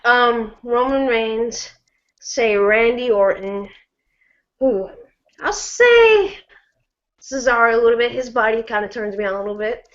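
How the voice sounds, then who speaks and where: A woman's voice: fairly high pitch, lively intonation, measured pace, long pauses. A young woman in a casual chat, giggly, blunt and teasing. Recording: dull lo-fi recording.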